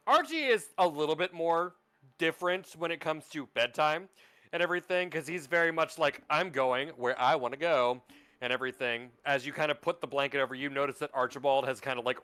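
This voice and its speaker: A man's voice: medium pitch, sharp tone, smooth, no room sound. A man narrating a tabletop role-playing game as game master, rambling and full of fillers. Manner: rambling, filler-heavy, lots of "like".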